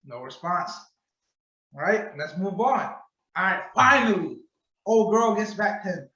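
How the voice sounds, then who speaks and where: A man hosting a podcast, telling a story in casual chat with animated, profane slang and acted-out quotes over a video call. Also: sits high, unhurried. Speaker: podcast host. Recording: distant echoey lo-fi video call audio.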